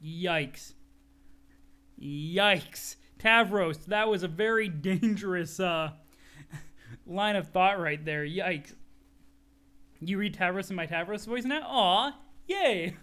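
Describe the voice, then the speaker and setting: A man streaming a live reading, excitable and laughing often as he talks to chat. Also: sits high, slow pace, pauses often, clear, resonant tone.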